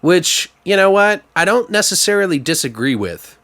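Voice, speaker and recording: A man's voice: high voice, sing-song, moderate pace, pushed and bright, dry recording. A man co-hosting a podcast, chatting casually, laughing often and swearing a lot. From Arizona. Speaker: podcast co-host. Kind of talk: casual chat.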